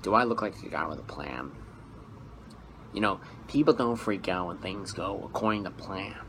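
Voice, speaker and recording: An unhinged comic-book villain, as a man puts him on, menaces in a low, hissing half-whisper. Every so often he snaps into manic outbursts. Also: expressive, normal speed, a bit bright, low-quality recording. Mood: menacing.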